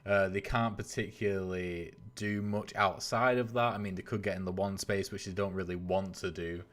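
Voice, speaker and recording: Brief: deep-voiced male host, loose rambling game commentary, lots of ums. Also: steady tone, normal speed. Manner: casual, rambling, many filler sounds. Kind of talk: live stream game commentary.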